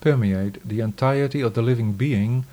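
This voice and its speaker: A man giving a scripted scripture reading in a measured, solemn, declamatory way. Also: mid-range voice, warm tone.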